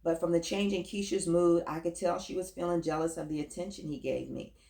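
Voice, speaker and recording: A woman with a low voice reads a first-person story aloud in an even, storytelling manner. Her voice carries a noticeable roomy echo from the recording. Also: brisk, gravelly. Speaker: audiobook narrator. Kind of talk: first-person audiobook narration.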